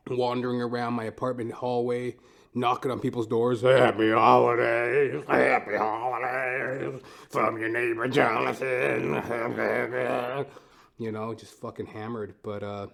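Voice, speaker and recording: A man's voice: mid-range voice, a little mellow. A man in a mid-range voice hosts his own podcast from home. He rambles casually and swears often. He keeps turning the joke on himself. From Canada. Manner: profane, rambling, self-mocking. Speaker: podcast host. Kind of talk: casual comedic monologue.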